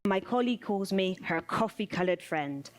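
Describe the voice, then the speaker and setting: A woman's voice: mid-range voice, animated. Woman performing spoken word. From United Kingdom. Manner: measured, rhythmic delivery with repeated refrains.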